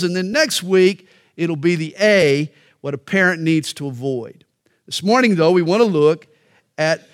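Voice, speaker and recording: A middle-aged male pastor preaching a sermon, emphatic and alliterative, with pointed pauses between phrases. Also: high-pitched.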